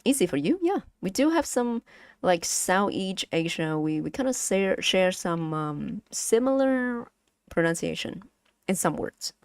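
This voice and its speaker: A young woman with a Vietnamese accent teaches her chat the language, speaking very slowly and stopping often to repeat herself. Her voice sits a bit low. The sound is dry and close. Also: very animated, clean tone, dry recording. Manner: slow, halting, many fillers and repeats, laughs often. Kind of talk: casual language lesson stream.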